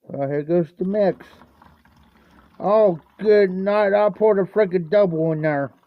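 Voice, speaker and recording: A man's voice: high-pitched, moderate pace, no room sound, phone-quality sound. A man from Ohio livestreaming from home, telling a rambling, repetitive folksy story and mixing drinks. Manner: rambling, repetitive, folksy, keeps saying "no joke". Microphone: phone livestream.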